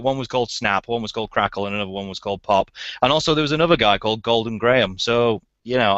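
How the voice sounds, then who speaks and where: A man's voice: fairly low pitch, pushed and bright, no room sound. Giggly, rambling male interview host. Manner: giggly, rambling, stumbling over words. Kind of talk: casual chat. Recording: dull, dry lo-fi audio.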